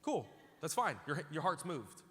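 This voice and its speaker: A man's voice: fairly high pitch, big pitch swings, a little slow, pushed and bright. A man preaching a sermon as pastor, emphatic and repeating phrases as he calls out to the congregation. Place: large church auditorium. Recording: hall reverb from a large church.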